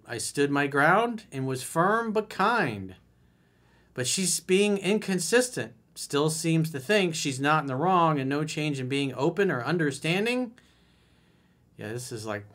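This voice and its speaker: This dating coach, whose voice sits on the high side with a fairly bright tone, gives advice alone in a blunt, emphatic monologue, reading listeners' messages aloud and responding to each.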